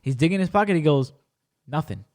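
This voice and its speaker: A man's voice: fairly high pitch, brisk. A man hosting a podcast, telling a story in a casual way and acting out the other people in it. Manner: animated, acts out other people's voices. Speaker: podcast host.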